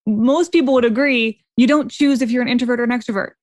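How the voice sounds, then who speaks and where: A woman co-hosting an advice podcast, agreeable and quick to laugh. Her voice sits a little higher than most women's, and the sound is dry and close. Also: no echo. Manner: warm, agreeable, laughs often. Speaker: podcast co-host. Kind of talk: casual advice chat.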